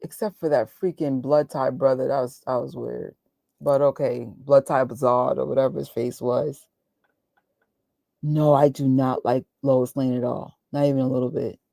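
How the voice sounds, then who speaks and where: A woman with a mellow bass voice, fairly even intonation and vocal fry speaks at a measured pace in a dry, studio-quality recording. As host of a live movie watch party, she rants emotionally in exclaiming outbursts and jokes with plenty of laughter.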